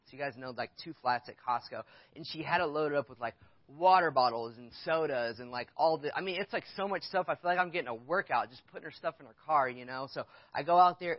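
A man's voice: medium pitch, no room sound. A man preaching a sermon in church as the pastor, speaking candidly and conversationally, telling a personal story and putting questions to the congregation. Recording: dry, dull lo-fi sound.

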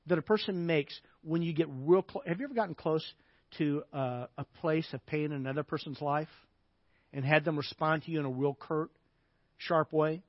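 A man's voice: fairly high pitch, no echo. A male pastor preaching a sermon in a conversational way, often checking in with his listeners. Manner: conversational, frequent "okay?" check-ins. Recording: slightly dull, dry sound.

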